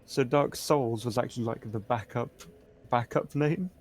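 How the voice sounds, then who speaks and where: A man's voice: mid-range voice, normal speed, a little hiss or hum. A man guiding a friend through a game, joking and rambling with fillers. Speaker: guiding player. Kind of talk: casual gaming chat.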